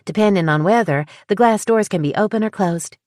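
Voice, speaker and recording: A woman's voice: medium pitch, brisk, a little mellow, no room sound, clean studio sound, voice pushed up, close to an everyday voice. A woman voicing a petite, bubbly wedding planner with a southern drawl who is eager to please. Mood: cheerful. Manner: upbeat, chatty, eager to please.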